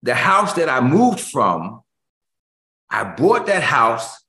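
A male pastor preaching with a lively, swooping pitch that rises and falls across each phrase. He hammers points home by repeating them and drops into near-whispers between louder bursts. His voice rings in a roomy, echoing space. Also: slow pace. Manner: emphatic preaching with repeated phrases, swinging between loud and hushed. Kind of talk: sermon.

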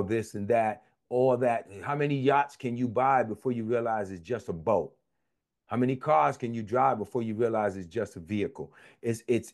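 A man preaching a sermon in a conversational, vernacular style. He repeats phrases and swings between high shouts and low, confiding murmurs.

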